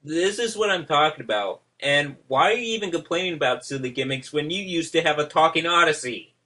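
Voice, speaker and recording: A man hosting a rebuttal video, asking calm, reasonable questions. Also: fairly high pitch, a little fast. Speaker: response video host. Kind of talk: rebuttal commentary.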